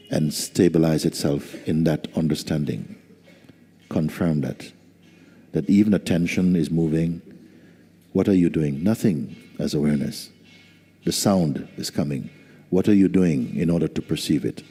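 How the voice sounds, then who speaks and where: A man as spiritual teacher giving a slow, soft-spoken satsang talk with gentle humor. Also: rumbling low, breathy edge. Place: large hall. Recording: reverberant hall.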